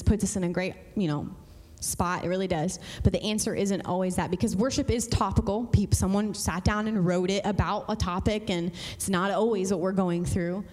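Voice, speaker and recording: Female pastor, mid-pitched, emphatic church sermon with long hall reverb. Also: darkish tone. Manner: conversational, emphatic, swings between fast and slow. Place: church sanctuary.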